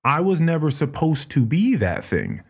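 A man hosting a podcast, retelling a book in casual, animated chat with plenty of swearing. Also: a little high, normal speed, gravelly, slightly rough. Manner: animated, profane storytelling. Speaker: podcast host.

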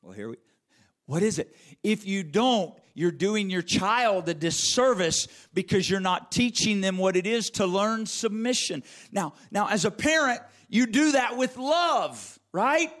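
Man, pastor, sermon, emphatic, repetitive, raised pitch. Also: expressive, a little slow, a bit bright. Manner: emphatic, repeats phrases, calls on listeners by name.

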